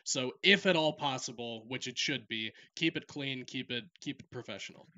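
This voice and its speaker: A man's voice: medium pitch, moderate pace, bright, forceful tone, lo-fi sound. A man who works as an esports caster, giving direct advice in casual podcast talk.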